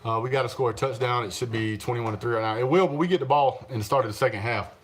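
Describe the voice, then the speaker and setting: A man's voice: medium pitch, fast talker. A man hosting a casual live stream, reading viewer comments aloud, laughing often and answering the chat. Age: adult, father of young children. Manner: chatty, laughs often, talks back to the chat.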